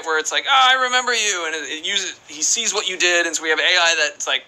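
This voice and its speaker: In a poor recording with a bit of hiss or hum, a young man with a fairly high, bright, forceful voice streams a game. He rambles playfully, chatting casually and reading viewer questions aloud.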